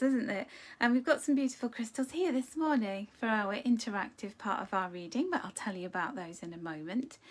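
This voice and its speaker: A woman with a fairly high voice hosts a live stream, chatting easily to the people watching. She greets them warmly one by one, calling them her loves and sweethearts. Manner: affectionate, greets viewers by name with endearments; chatty, with light laughs. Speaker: angel card reader and host. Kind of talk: live-stream chat with viewers.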